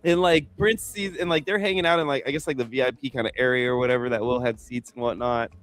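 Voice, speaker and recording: A man's voice: medium pitch, fairly even intonation, quick pace, fairly bright tone. A man on a fantasy sports podcast, chatting casually and telling a long rambling story full of fillers. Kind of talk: casual chat.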